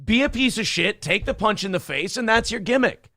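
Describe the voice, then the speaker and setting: A man hosting a crude comedy show, brash and profane, mocking people in loud rants. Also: high-pitched, lively intonation, brisk, no room sound, clean studio sound. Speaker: show host. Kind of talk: crude comedic podcast banter.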